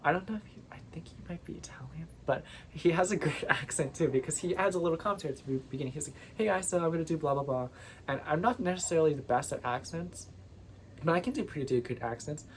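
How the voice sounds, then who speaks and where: A chatty vlogger talks in a loose, rambling way and keeps drifting onto new tangents. The voice sits at an ordinary middle pitch, and a faint background hiss runs under it. The tone turns playfully indignant when the talk gets heated. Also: animated, fast. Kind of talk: casual rambling monologue.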